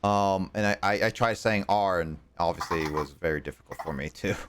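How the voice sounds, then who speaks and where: A man's voice: sits low, brisk, noisy background. A man streaming a game and chatting casually, rambling with many fillers and restarts, his R sounds bending slightly toward L. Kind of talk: casual chat while gaming.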